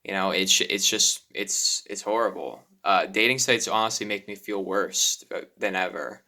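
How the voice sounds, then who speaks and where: A man's voice: low-pitched, normal speed, pushed and bright. A young man talking nervously about himself in a confessional vlog, with frequent sighs, apologies and restarts. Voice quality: self-deprecating, apologetic. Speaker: YouTuber.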